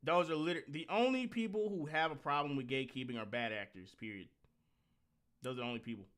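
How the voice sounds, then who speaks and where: A man hosting a reaction commentary, talking bluntly and scornfully with lots of swearing and sudden animated rants. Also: fairly high pitch, quick pace. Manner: animated rants with mocking outbursts. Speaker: host.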